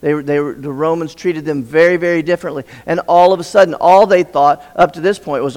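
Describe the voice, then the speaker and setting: A man's voice: a little high, steady tone, brisk, hardly any pauses, a little mellow. A male pastor preaching a sermon, retelling a story and putting questions to the congregation. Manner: storytelling, asks the audience questions. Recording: long hall reverb.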